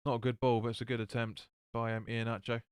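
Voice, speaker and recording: A man's voice: medium pitch, flat delivery, fast, clean tone, no room sound, clean studio sound. A man hosting a live football watch-along, calling the play and chatting with viewers as he reads their comments. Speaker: fan watch-along host.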